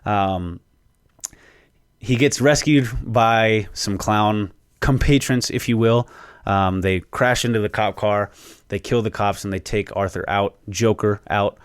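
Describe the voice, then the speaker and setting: Young guy on a podcast going over a movie plot, kinda low voice, swears a lot, dry close sound. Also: slow, clean tone, dry recording. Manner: excited storytelling with frequent swearing; rambling, with fillers and restarts. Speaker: podcast host. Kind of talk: casual movie spoiler recap.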